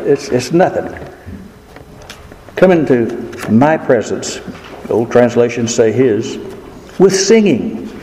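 A man preaching a sermon in an earnest, emphatic way, leaning slowly on key words. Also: medium pitch, mellow. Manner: earnest, emphatic, with slow drawn-out stresses. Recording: echoey hall with faint noise.

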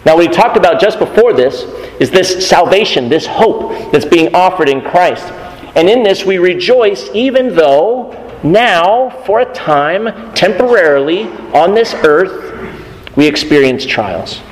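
A man's voice: high voice, animated, unhurried. A man preaching a sermon, earnest, who repeats his key phrases for emphasis. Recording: long reverb of a church hall.

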